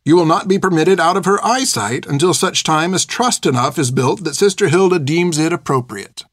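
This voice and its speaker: A man's voice: on the high side, normal speed, a bit bright, no echo, studio quality, pitched above the performer's own voice. A man voicing a stern, strict older nun who speaks in a clipped, formal and severe way.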